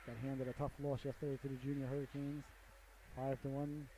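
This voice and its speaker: A man's voice: medium pitch, little pitch movement, brisk. A man doing play-by-play for a hockey game, with folksy jokes and frequent asides to the audience. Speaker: play-by-play commentator. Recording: noisy amateur broadcast audio.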